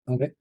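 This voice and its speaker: A young man hosting a podcast, rambling in a casual, jokey way that keeps interrupting itself. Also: dark tone. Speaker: podcast host.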